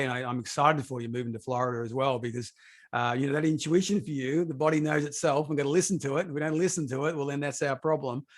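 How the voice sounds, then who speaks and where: A man hosting a podcast interview, talking in a loose, rambling way. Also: mid-range voice. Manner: rambling with fillers and restarts. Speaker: podcast host. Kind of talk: conversational interview.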